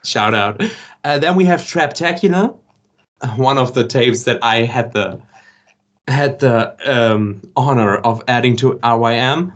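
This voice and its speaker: Wry, halting man chatting on a podcast. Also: medium pitch. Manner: halting, filler-heavy, wry. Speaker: podcast co-host. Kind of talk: casual chat.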